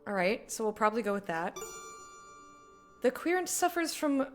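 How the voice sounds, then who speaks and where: A woman's voice: fairly high pitch, big pitch swings, moderate pace, faint music behind. Joking woman streaming a game. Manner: joking, reads game text aloud, frequent laughs. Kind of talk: live game commentary.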